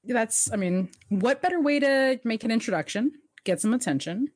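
A woman's voice: on the high side, moderate pace, no echo. Chatty woman recapping with a dry, close sound. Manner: chatty, laughs often, animated quoting of characters. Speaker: podcast co-host recapping a TV episode. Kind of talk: casual chat.

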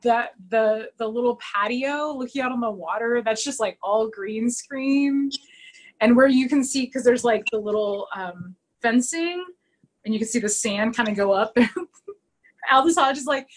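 A woman in casual podcast chat, retelling scenes with lots of fillers and quick quoted voices. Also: fairly high pitch, slightly rough, rough recording. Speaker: podcast co-host recapping a TV episode.

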